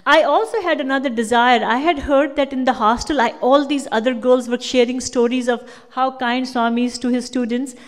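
Woman, Kashmiri speaker, high voice, animated devotional storytelling, long hall echo. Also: fairly quick, few pauses. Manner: animated storytelling, acting out quotes. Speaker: speaker giving a talk with slides. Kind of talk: devotional personal testimony.

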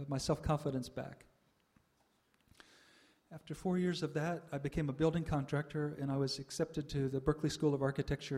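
Older male storyteller, mellow and slightly raised pitch, reflective, halting pauses. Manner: reflective, with frequent "uh" pauses and soft laughs. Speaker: speaker sharing a spiritual life story. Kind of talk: personal testimony talk.

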